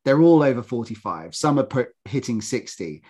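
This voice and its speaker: Man, podcast co-host, casual chat, lively swooping pitch, mocking impressions. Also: moderate pace.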